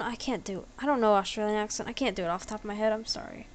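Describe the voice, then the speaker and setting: A woman's voice: medium pitch, very fast, few pauses. A woman giving chatty, giggly, self-deprecating commentary as she plays a computer game at home. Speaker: gaming video creator.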